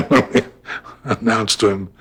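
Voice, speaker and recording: Older man telling stories, lower voice. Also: unhurried, husky. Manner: animated storyteller acting out quoted voices. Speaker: actor recalling his career. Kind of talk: storytelling interview.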